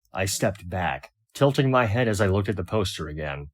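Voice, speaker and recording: A man reading a first-person fan fiction story aloud, wry and expressive. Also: deep voice, moderate pace, hardly any pauses. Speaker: audiobook reader.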